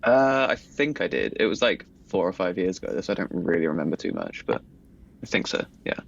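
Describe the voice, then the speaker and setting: Gravelly man with a lively, bouncing voice. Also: sits low, a little fast, dull audio, a little hiss or hum. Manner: joking, laughs a lot. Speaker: podcast guest. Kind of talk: casual chat.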